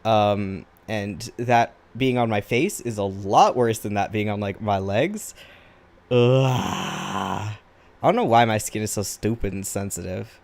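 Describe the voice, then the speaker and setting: Gravelly, darkish, and on the low side, the voice moves unhurriedly as the man draws on camera. He's tired and chats in a rambling, self-deprecating way.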